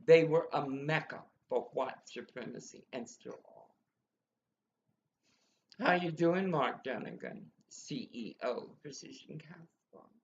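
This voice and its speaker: A woman delivers an unhurried, rambling rant full of bitter accusations. Her voice is rough and gravelly. The dull, lo-fi recording flattens the sound. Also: low-pitched, a little hiss or hum. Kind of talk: angry ranting monologue.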